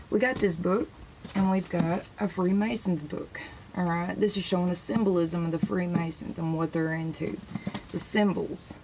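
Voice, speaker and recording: Woman host, gravelly voice, casual and rambling, eager to show pictures from her books. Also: lowish voice, noisy background. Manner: sprinkles praise phrases into talk. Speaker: religious video host. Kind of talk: casual show-and-tell talk to camera.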